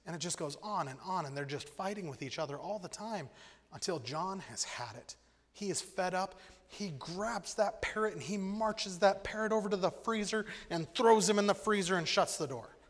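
Male pastor, mid-high voice, animated sermon delivery, reverberant hall. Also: normal speed. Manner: animated, acts out voices in stories.

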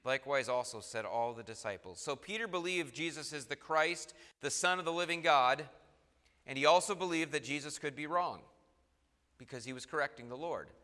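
A man's voice: fairly high pitch, moderate pace, pushed and bright. A man preaching a sermon, reading scripture aloud in old formal wording and stressing points with rising and falling emphasis. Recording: long hall reverb.

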